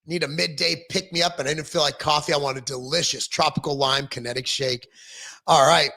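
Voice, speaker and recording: A man's voice: fairly high pitch, steady tone, fairly quick, gravelly, sharp tone. A middle-aged man hosting a casual livestream, reading viewer comments aloud and answering them in a rambling, self-deprecating way with frequent ums and restarts.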